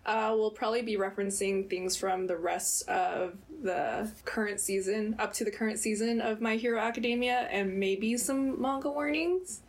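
A woman's voice: medium pitch, moderate pace, hardly any pauses. A woman co-hosting a podcast in casual chat, giggly and self-deprecating, laughing often. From Southern California. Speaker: podcast co-host.

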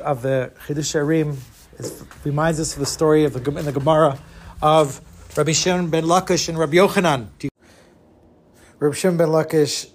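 A man telling religious teaching stories with animated, dramatic delivery. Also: fairly high pitch. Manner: animated storytelling, lively dramatic shifts. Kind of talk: storytelling sermon.

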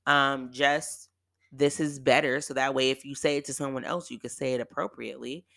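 Host: woman from the Bay Area, crisp bright tone with gravelly fry, dry close mic, emphatic storyteller. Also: very deep voice, fairly even intonation, normal speed, dry recording. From San Francisco Bay Area. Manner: emphatic, exasperated retelling with quoted back-and-forth. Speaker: podcast host. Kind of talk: casual storytelling monologue.

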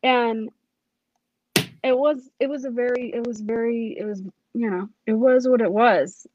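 A woman's voice: fairly high pitch, fairly even intonation, measured pace, darkish tone, no echo, dull audio. A woman, a police academy cadet, tells her personal testimony in an earnest, emotional way, often restarting her sentences.

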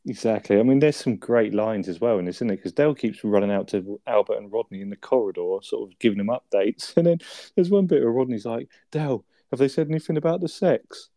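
A man's voice: lowish voice, animated, brisk, mellow, dry recording, studio quality. A young man co-hosting a casual chat about a sitcom episode, laughing often and acting out quoted lines. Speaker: podcast co-host.

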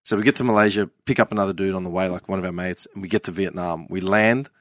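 A man's voice: sits low, fast, dry recording, studio quality. A man in his thirties telling brash travel stories in casual chat, swearing heavily. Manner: brash storytelling, heavy swearing.

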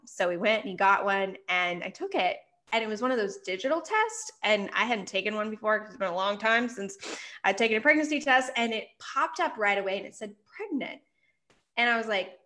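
Brief: woman, 30s, author guest; heartfelt, lively storytelling, acts out what people said. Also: medium pitch, normal speed. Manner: earnest, animated storytelling, acts out quotes. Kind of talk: personal story in an interview.

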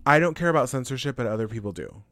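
A man's voice: mid-range voice, very animated, very fast, fairly bright tone, no room sound. An American man co-hosting a podcast, talking in a profane, emphatic, opinionated way. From United States. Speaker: podcast co-host. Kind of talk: casual chat.

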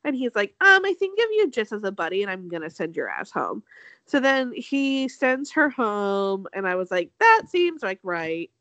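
A young woman co-hosting a casual chat, talking fast and loose, laughing often and acting out quotes. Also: very animated, pushed and bright, no echo, lo-fi sound. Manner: chatty, laughs often, acts out quotes with big pitch jumps. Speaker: podcast co-host. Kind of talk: casual chat recapping a reality show.

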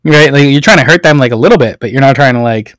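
Man, casual chat, profane, filler-heavy, mid pitch, dry recording. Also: fast talker, fairly bright tone, dry recording.

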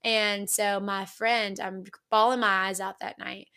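A young woman shares a personal testimony as a podcast guest, earnest and halting with many fillers and restarts. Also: medium pitch, flat delivery, sharp tone, smooth. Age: young adult.

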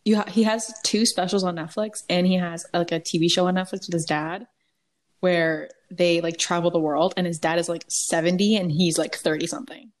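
A woman's voice: lowish voice, steady tone, brisk. A woman co-hosting a podcast over a video call, rambling casually with lots of "like" and the odd swear. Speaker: podcast co-host. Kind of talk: casual chat.

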